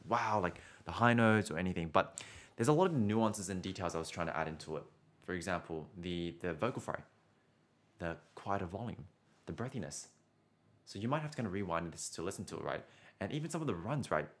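A man's voice: deep voice, lively intonation, quick pace. A man giving a casual singing lesson as a vocal coach, chatty and encouraging, often ending points with "right?" and restarting words.

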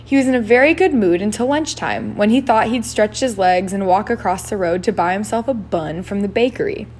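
Field: woman reading a novel aloud. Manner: unhurried, adds asides. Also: mid-range voice, darkish tone, soft background music. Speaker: reader.

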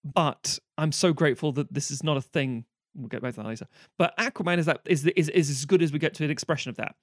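A man, co-hosting a casual film chat, animated and swearing freely. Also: on the high side, quick pace, no room sound, clean studio sound. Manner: animated, swears freely, mock-quotes characters. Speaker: podcast co-host.

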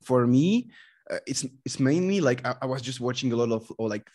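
Young french guy chatting on a podcast, accent, lots of "like", kinda halting. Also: mid-range voice. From France. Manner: relaxed, halting, many "like" fillers. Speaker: guest. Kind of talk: casual podcast chat.

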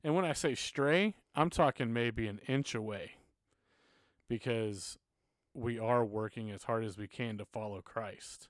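A man in his thirties speaks in a casual podcast conversation, earnest and open as he tells personal stories. His voice is mid-pitched and recorded dry and close, with no room sound. At times he gets emotional. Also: a little slow, no echo. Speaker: podcast guest, church music minister.

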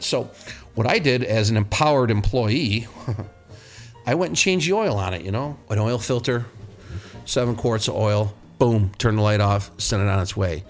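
Low-voiced, blunt, swearing mechanic. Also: male voice, normal speed, faint music behind. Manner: blunt and profane, rambling anecdotes. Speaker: podcast host, auto mechanic. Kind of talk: casual podcast storytelling.

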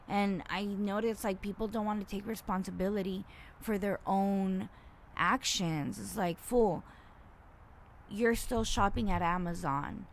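A woman's voice: mid-range voice, a little hiss or hum. Blunt, profane woman ranting casually. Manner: blunt, profane, rambling with many fillers; grows loud and indignant when retelling conflicts. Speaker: podcaster.

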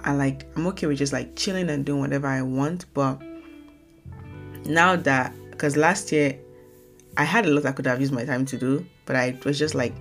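A young woman from Nigeria hosting her own casual podcast, talking fast and rambling, often correcting herself mid-sentence. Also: very deep voice, soft background music. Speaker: podcast host. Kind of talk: casual solo podcast talk.

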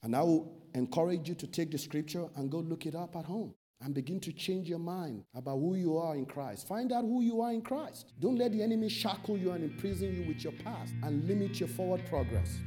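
A man preaching a sermon with a high, dark-toned voice. He is dramatic and emphatic, sinking to a low mutter to mimic gossiping churchgoers, then rising loud to exhort. He speaks in a church meeting. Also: brisk, hardly any pauses, soft background music.

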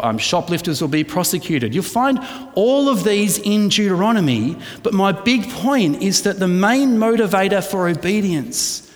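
A man's voice: sits high, long reverb tail. A man preaching a conversational sermon, often checking in with his listeners. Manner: conversational, asks the congregation "right?" often. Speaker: pastor.

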